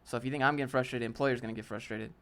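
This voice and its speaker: Racing along in a mid-range, fairly bright voice with fairly even intonation, a livestream host runs a casual Q&A. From his desk setup with a DSLR camera, he fires blunt answers at chat and critiques a viewer's portfolio, calling people "fam" and "dude."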